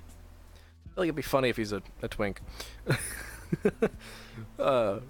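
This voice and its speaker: A man's voice: mid-range voice, lively intonation, takes it slowly, faint music behind. A man chatting casually on a live stream from his room at home, planning a tabletop setting aloud and swearing freely.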